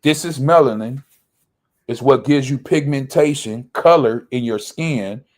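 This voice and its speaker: Man, Bible study teacher, unhurried delivery, mid-pitched voice, reads verses then explains them, answers his own questions. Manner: asks rhetorical questions and answers them himself.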